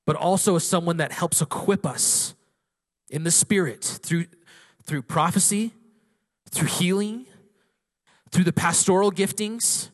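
A man pastor preaching a sermon to his congregation, swelling into loud, passionate declarations and then easing into storytelling. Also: sits high, unhurried, long pauses, big-room sound. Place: church sanctuary.

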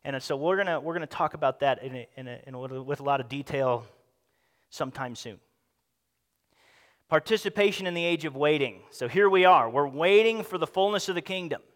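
A man preaching a sermon as pastor, animated, acting out quoted speech in changing voices. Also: on the high side, fairly quick, in a large hall.

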